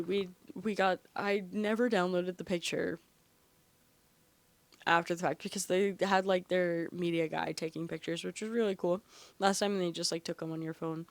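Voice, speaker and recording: A young woman hosting a podcast, telling stories in a chatty, animated way with lots of fillers and the odd swear word. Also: mid-range voice, no echo. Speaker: podcast host. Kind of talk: casual chat.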